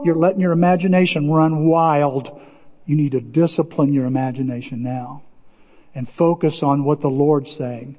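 A man preaching a sermon as pastor, animated, acting out quotes and often repeating words. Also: on the high side, in a large hall, dull audio.

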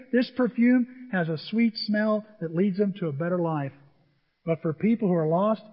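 An older man preaching a sermon, telling stories with animated acted-out voices. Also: sits high, breathy edge. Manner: animated storytelling, acts out voices. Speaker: pastor. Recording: dull lo-fi audio with hall reverb.

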